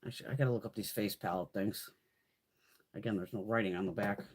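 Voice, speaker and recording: A woman's voice: extremely low pitch, quick pace, a little mellow, breathy edge. A woman casually chatting on a live beauty stream, rambling and swearing a lot. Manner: chatty, laughs often.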